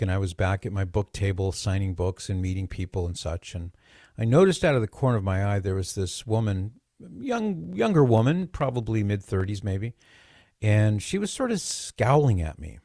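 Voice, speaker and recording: A man hosting a radio show, telling a personal story in a lively monologue and acting out the quoted dialogue. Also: lowish voice, dry recording, clean studio sound. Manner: animated, acts out quoted dialogue.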